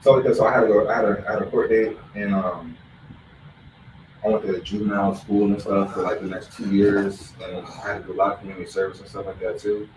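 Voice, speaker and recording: A man from Philadelphia, a guest in an interview, talking fast and loose with street slang. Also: on the low side, level tone, darkish tone. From Philadelphia area. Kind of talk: casual interview talk. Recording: roomy echo, distant mic, noisy background.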